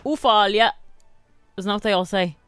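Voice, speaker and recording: An Irish woman co-hosting a casual radio chat in a studio, teasing and lively. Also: medium pitch, fast talker, soft background music. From Ireland. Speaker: radio co-host.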